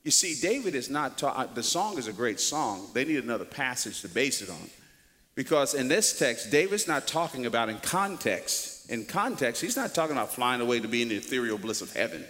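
A male preacher giving an emphatic, animated sermon, swinging between quiet and loud and often repeating words. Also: mid-range voice, brisk. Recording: long reverb of a large hall.

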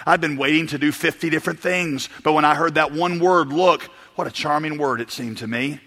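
Male pastor, slightly high voice, storytelling sermon, church reverb. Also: a little fast. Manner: animated storytelling, reads quotes aloud.

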